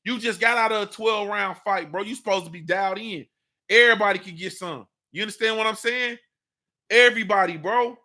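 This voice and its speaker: High-voiced guy with aave, hosting a morning show, riffs on boxing, bright edge, keeps saying you feel me. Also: a little fast. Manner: animated, slangy, repeats "you understand what I'm saying". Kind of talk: casual boxing talk monologue.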